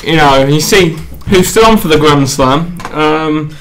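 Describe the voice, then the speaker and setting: A man's voice: fairly high pitch, a little slow, background noise. A man from England, a co-host in casual chat, teasing and playful.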